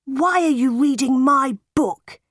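A woman voicing a spoiled, bullying young boy with a shrill, whining manner in an audiobook. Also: sing-song, normal speed, breathy edge, dry recording, studio quality. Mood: bratty.

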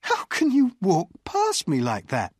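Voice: medium pitch, huge pitch swings, unhurried, slightly rough, no room sound, studio quality, pitched above the performer's own voice, exaggerated voice. A reader voicing a playful, knowing woman of about thirty in an audiobook. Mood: reproachful. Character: teasing woman of about thirty, old flame. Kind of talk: audiobook character reading.

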